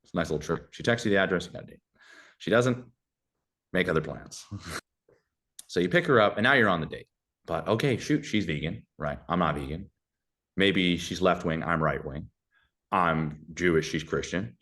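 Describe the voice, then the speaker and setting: A young adult man giving casual conversational advice as a podcast guest, animated and acting out little dialogues in shifting voices. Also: deep voice, moderate pace, long pauses.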